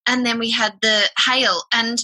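A woman, co-hosting a podcast in casual, rambling chat full of halting restarts. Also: fairly high pitch, fairly even intonation, bright, forceful tone, poor audio.

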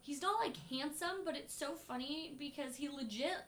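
A woman co-host with a slightly high voice talks through a film in quick, animated bursts. She leans on filler words and sounds like a relaxed chat among friends. Her pitch sits a little above most women's. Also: slight background noise. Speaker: podcast co-host. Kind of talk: casual chat reviewing a film.

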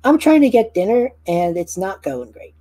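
A woman voicing a tiny, excitable female brownie in a tabletop game, speaking in an eager, chirpy way. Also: medium pitch, normal speed, dry recording, voice pushed up. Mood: excited.

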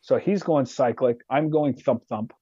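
Man, profane animated storyteller, mellow warm tone, dull lo-fi recording. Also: mid-range voice, measured pace, husky, dry recording. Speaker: podcast guest, retired soldier. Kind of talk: casual storytelling.

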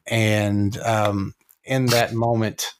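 A man's voice: fairly low pitch, level tone, very slow. A man co-hosting a movie review podcast, chatting casually and laughing as he retells scenes. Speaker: podcast co-host.

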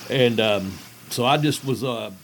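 A man interviewing a guest, speaking haltingly with many fillers and rambling questions. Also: medium pitch, slight background noise, rough recording. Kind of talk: casual interview.

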